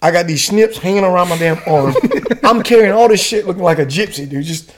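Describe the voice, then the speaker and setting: Fast-talking, profane army veteran man. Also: high voice, slight background noise. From United States. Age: middle-aged. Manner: profane, slangy, animated storyteller. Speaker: podcast guest, retired soldier. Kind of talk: casual storytelling.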